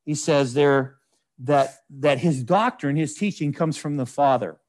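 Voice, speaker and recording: A pastor with a slightly high, somewhat mellow voice preaches a folksy, conversational sermon full of asides. He reads scripture aloud in a measured way.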